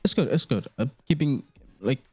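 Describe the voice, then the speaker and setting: A man's voice: medium pitch, expressive, moderate pace, darkish tone, breathy edge, lo-fi sound, soft background music. A young man around eighteen from India, rambling jokily through casual gameplay commentary, swearing now and then. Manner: rambling and jokey, with frequent fillers and swearing. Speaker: gaming video creator. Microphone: desk microphone.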